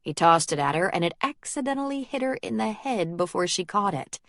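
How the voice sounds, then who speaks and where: A woman narrates an audiobook, reading scripted narration in a calm, measured storytelling manner. Her voice is medium-pitched, and the studio sound is clean with no room sound.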